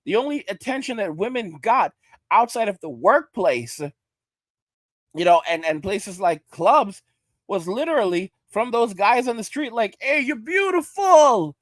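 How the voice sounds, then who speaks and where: A man's voice: sits high, sing-song, a little slow, no room sound. A man from New York giving emphatic reaction commentary, often checking in with his listeners. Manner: emphatic, repeats "all right?".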